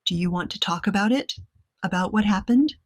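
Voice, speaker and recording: An earnest, protective young rancher man speaks in a soft, careful voice, as a woman reads him in her own plain tone. The sound is dry and close, with no room around it. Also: mid-range voice, lively intonation, fairly quick, dry recording, natural voice. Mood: concerned.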